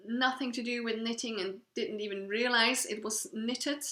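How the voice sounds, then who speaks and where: Woman, 30s, from Switzerland, knitting vlog host; leisurely, bright, gushing show-and-tell in an echoey room. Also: a little high, fairly even intonation. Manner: unhurried, cheerful, gushing about her work. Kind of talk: casual show-and-tell chat.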